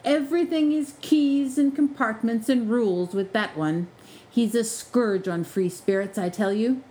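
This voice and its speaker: A woman voicing a charming, scheming male sorcerer who speaks smoothly and flatteringly. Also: a little high, measured pace, voice pushed up, lightly acted, low-quality recording.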